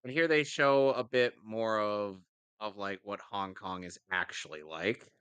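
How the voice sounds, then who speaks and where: Man, wry movie-riffing co-host, smooth resonant voice, bright tone. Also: lowish voice, a little slow, no echo. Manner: wry, explanatory remarks. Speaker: podcast co-host. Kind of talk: casual movie-riffing chat.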